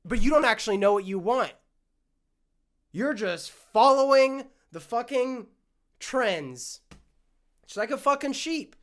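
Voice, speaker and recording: A man's voice: extremely high pitch, lively intonation, slow, pauses often, fairly bright tone. A young man hosting a solo podcast, ranting in a worked-up way and swearing often, his throat scratchy and prone to coughing. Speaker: podcast host.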